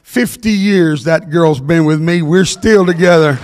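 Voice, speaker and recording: An older man telling a humorous story to an audience as a motivational speaker, talking fast and laughing at his own punchlines. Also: fairly high pitch, darkish tone, some chatter behind, slight background noise. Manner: talks fast.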